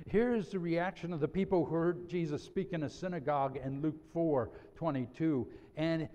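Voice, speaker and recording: A middle-aged male pastor preaching a sermon in a measured way, slowing down to read scripture. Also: fairly high pitch, darkish tone. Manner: measured, slows down on scripture quotes. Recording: dull audio in a reverberant hall.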